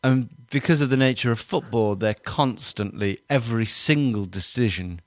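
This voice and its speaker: A man's voice: mid-range voice, normal speed, no room sound, clean studio sound. A man hosting a podcast in casual chat, joking, laughing often and acting out quoted voices. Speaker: podcast host.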